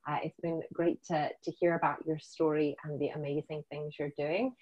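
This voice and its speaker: A woman's voice: low voice, level tone, moderate pace, muffled recording. A woman with a mixed South African and Scottish accent, hosting an interview in an upbeat, effusive way. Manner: upbeat, effusive, with warm praise. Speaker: interview host. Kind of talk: casual interview chat.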